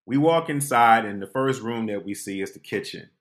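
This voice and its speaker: Animated man telling a comic story. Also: on the low side, moderate pace. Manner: animated, acts out voices and quotes. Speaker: podcast host.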